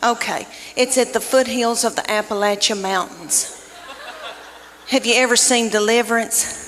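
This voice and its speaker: A middle-aged woman with a Southern US accent, telling stories in a folksy, drawn-out way during a stand-up comedy set. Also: a little high. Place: live comedy venue stage. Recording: live reverberant hall with noise.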